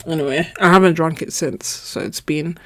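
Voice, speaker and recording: A woman's voice: sits low, normal speed, dry recording. Chatty woman telling a funny story. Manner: animated storytelling, laughs often. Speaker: art channel host. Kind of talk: casual live chat story.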